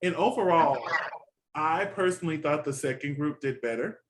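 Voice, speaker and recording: A man's voice: fairly high pitch, moderate pace, background noise. Chatty man reviewing a TV show. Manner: chatty and animated, laughs often, quotes reactions. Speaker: co-host reviewing a TV competition. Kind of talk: casual review chat.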